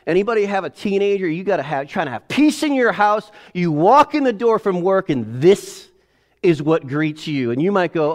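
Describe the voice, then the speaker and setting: A pastor in his forties, with a slightly high voice, preaches at a normal speed in a relaxed, chatty style, acting out family scenes with lively animation. He seems to be on a headset or lapel mic.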